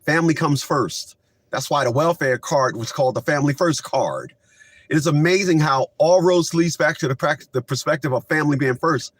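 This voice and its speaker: A man hosting a commentary show, reacting to clips in a casual, animated rant. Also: fairly high pitch, moderate pace, dry recording. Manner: animated, rising to shouts when worked up.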